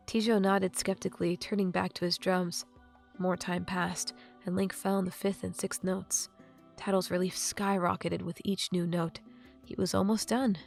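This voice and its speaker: Woman, audiobook narration, steady expressive storytelling, fairly low pitch. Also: normal speed, vocal fry, faint music behind.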